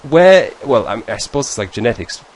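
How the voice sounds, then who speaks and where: A man's voice: mid-range voice, very animated, fairly quick, slight background noise. A man from northeast England with a northern English accent, chatting casually to his viewers and often correcting himself mid-sentence. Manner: rambling, self-correcting, chuckling asides. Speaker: vlogger. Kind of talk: casual chat over a screen share.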